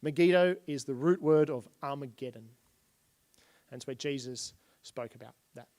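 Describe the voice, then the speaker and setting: A man's voice: medium pitch, normal speed, a little mellow. A man giving a casual Bible history lesson at a church. He retells stories in plain everyday speech while pointing at slides.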